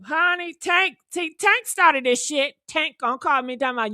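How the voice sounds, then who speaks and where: A woman with a high, bright, sharp voice rants on a livestream. She is loud and fiery, swears freely and talks straight to her viewers. The sound is close and dry, with no room echo. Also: expressive, moderate pace. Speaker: livestream host. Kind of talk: heated livestream rant.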